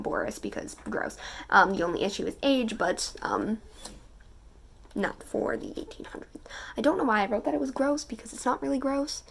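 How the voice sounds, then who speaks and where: A woman's voice: medium pitch, creaky, fairly bright tone. An eighteen-year-old woman chatting casually in a reading vlog, reading passages aloud and gushing between them with fillers and giggles. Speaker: book vlogger.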